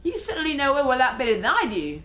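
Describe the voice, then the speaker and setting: Woman doing a poised friendly club president girl from a game, bright lively voice. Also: high voice, quick pace, soft background music, voice pushed up, exaggerated voice. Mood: polite.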